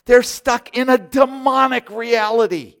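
A man in his sixties preaching a sermon as pastor, impassioned and swinging between loud exhortation and hushed intensity. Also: very high-pitched, measured pace, vocal fry.

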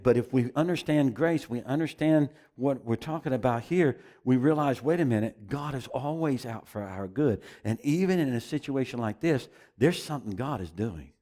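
A man's voice: medium pitch, mellow. A man preaching a sermon as pastor, emphatic and repeating phrases for emphasis.

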